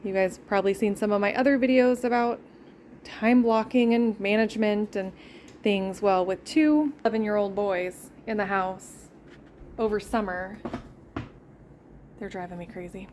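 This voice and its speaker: A woman's voice: medium pitch, normal speed, a little mellow, slight background noise. Woman homesteading vlogger, casual rambling chat, recorded indoors at home. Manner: chatty, easily sidetracked.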